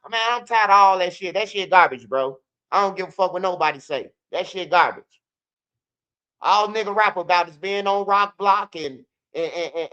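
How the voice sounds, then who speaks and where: Speaking at normal speed, a man with a high, pushed, bright voice rants about street news on his commentary channel. The tone is clean, and his delivery is loose, blunt, and profane, circling back on itself and mock-rapping lyrics.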